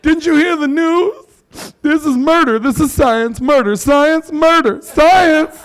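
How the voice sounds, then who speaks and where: A man voicing a panicky young scold who shouts and screeches about the danger. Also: very high voice, slow pace, voice pushed up. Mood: hysterical. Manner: hysterical, screeching.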